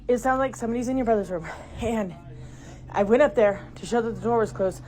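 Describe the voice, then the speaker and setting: A middle-aged mother filming inside her house, talking to viewers, swinging between hushed whispers and panicked exclamations. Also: fairly high pitch, fast. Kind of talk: frightened handheld home video narration. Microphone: handheld phone camera. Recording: noisy phone recording.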